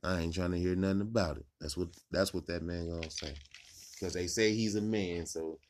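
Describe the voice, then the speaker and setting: A low-voiced man hosting a podcast late at night at home. He rambles and swears freely in loose, animated talk, a little tipsy. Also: fairly quick, a little hiss or hum. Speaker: podcast host. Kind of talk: casual late-night chat.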